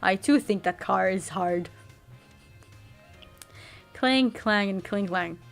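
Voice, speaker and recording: A woman's voice: mid-range voice, takes it slowly, vocal fry, soft background music. A woman streamer joking playfully through a let's play with goofy wordplay.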